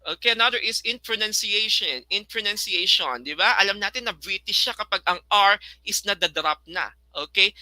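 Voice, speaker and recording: A Filipino man teaching an online lesson in a high, very bright voice. He repeats words slowly so learners can copy the sounds and slips into Tagalog asides. The sound is dry and close. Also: lively intonation, no echo, poor audio. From Philippines. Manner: mixes English with Tagalog, repeats words slowly to model pronunciation.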